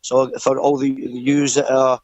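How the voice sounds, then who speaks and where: A young Scottish man, his accent softened by years in the English Midlands, speaks in a flat, level voice. He talks earnestly, leaning on "uh" and "like I say." The sound is dry and close. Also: medium pitch, normal speed, no echo, poor audio. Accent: Scottish with some English Midlands mix. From Scotland. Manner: earnest, lots of "uh" and "like I say". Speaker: guest. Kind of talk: interview answering, telling his life story. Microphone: remote call.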